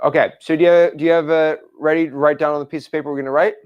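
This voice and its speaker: Young male coach, slightly high voice, drills a caller line by line, insistent. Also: fairly even intonation, clear, resonant tone, dull audio. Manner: pushy, repeats lines slowly word by word for the caller. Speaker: wholesaling coach. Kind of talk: live coaching call.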